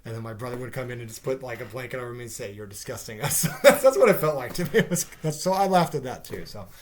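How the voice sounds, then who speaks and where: A man's voice: medium pitch, lively intonation, very fast, crowd noise. A man giving a casual spoken review of a TV episode, rambling and sarcastic, with fillers and swearing. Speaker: TV show reviewer.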